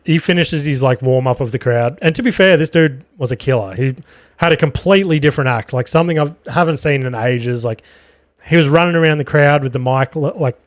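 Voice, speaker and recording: Young man, podcast host, rambling profane storytelling, slightly high voice, dry close mic. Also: no echo. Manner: rambling and profane, with frequent fillers and laughter. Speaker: podcast host and stand-up comedian. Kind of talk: casual storytelling monologue.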